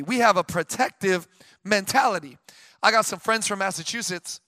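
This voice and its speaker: A man preaching a sermon with an energetic, repetitive cadence, swinging between loud declarations and hushed storytelling. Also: sits high, normal speed, no room sound. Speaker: pastor.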